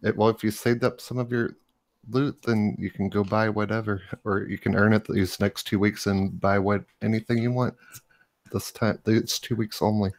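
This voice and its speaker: An eager man talks games on a stream, tripping over his words as his voice starts to go hoarse. His voice sits fairly low, and the sound is dry and close. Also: steady tone, normal speed, no echo. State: voice going hoarse. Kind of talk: casual gaming chat.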